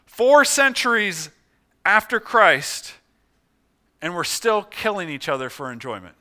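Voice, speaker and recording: A man's voice: sits high, sing-song, a little slow, bright, forceful tone, full character voice. A man voicing an earnest young male monk in a solemn, impassioned outcry during a sermon. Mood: indignant.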